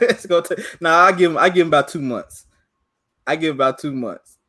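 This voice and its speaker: Male co-host, high animated voice, teasing and repetitive, laughing often. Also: normal speed. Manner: teasing, repeating himself, laughing. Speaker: podcast co-host. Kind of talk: casual sports chat.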